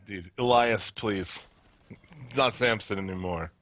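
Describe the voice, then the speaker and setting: A man's voice: on the low side, a little slow, fairly bright tone, dry recording. Profane, blunt man on a lo-fi stream. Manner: profane, blunt, laughs often. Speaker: podcast co-host. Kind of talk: casual chat.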